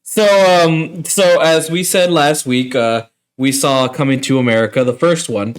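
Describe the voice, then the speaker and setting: Easygoing podcast co-host, plain voice. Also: male voice, medium pitch, a little slow. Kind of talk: casual chat.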